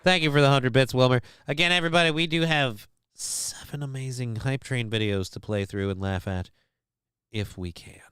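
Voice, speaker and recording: Sarcastic, profane streamer with a smooth voice. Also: male voice, medium pitch, normal speed, a bit bright, no echo. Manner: sarcastic, profane, joking asides. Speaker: livestream host. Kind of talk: casual commentary reading news to chat.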